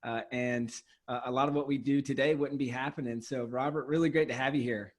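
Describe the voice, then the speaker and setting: A man's voice: mid-range voice, fairly even intonation, a little fast. A young adult man hosting a casual interview, eager and chatty with fillers. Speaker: podcast host.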